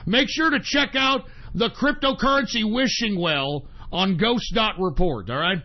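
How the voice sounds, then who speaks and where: A man hosting a talk radio show, ranting in a profane, combative way that swings between shouting and grumbling. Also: high-pitched, a little slow. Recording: dull lo-fi sound.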